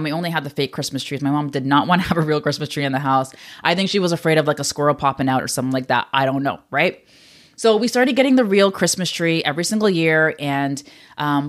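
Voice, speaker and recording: Chatty woman podcast host, slightly low. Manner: chatty, candid, laughs often, many fillers. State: emotional, a little choked up at times. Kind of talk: casual solo podcast talk.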